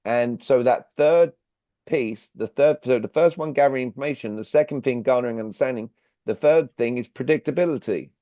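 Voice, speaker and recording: A man runs an online sales workshop, speaking directly and firing questions at his audience. His medium-pitched voice is brisk and dark-toned, and the video-call audio is dull and dry with no echo.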